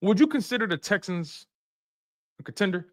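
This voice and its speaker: Lively high-voiced man hosting a sports stream. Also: moderate pace. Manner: animated, teasing chat readers by name. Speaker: sports podcast host. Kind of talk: casual live stream talk.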